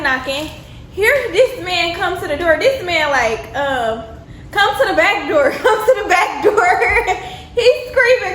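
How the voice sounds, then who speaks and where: A young woman telling a story in a casual, animated way, swearing freely and sounding exasperated. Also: very high voice, a little hiss or hum. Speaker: storytime vlogger. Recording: echoey room.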